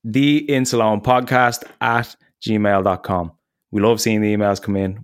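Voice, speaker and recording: Lower-pitched man hosting a podcast. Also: fairly even intonation, a little slow, clean tone, no room sound, clean studio sound. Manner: friendly, chatty, laughs often. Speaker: podcast host. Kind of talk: casual podcast outro.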